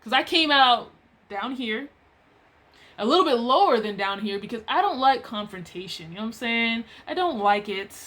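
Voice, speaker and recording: A woman's voice: a little high, expressive, normal speed, bright, forceful tone. A woman telling a story about a clash at work in a casual, exasperated, chatty way.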